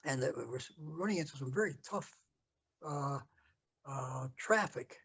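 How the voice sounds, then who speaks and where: A man's voice: medium pitch, expressive, a bit bright, slightly rough. An older man telling his life story in a rambling, reminiscing way, often stopping and restarting his sentences. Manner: rambling, halting, many restarts.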